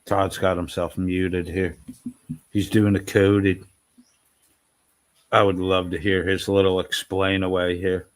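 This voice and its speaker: A man's voice: low-pitched, flat delivery, slow, pauses often, dry recording. A man giving mocking, sarcastic commentary over a clip. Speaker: commentary streamer. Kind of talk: reaction commentary.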